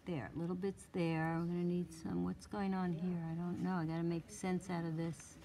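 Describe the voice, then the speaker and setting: A woman's voice: fairly low pitch, level tone, moderate pace, crowd noise. A woman instructor giving a live drawing demonstration to a small class, thinking aloud as she works and coaxing with short repeated cues.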